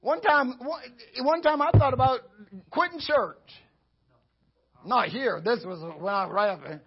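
A man preaching a lively sermon as pastor, chuckling and acting out how he talks to himself. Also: extremely high pitch, a little slow, breathy edge, dull audio.

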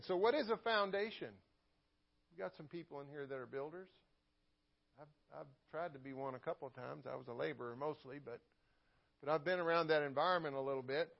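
A man's voice: fairly high pitch, dull audio. A man preaching a sermon as pastor, in a conversational way, often repeating words and asking for an amen.

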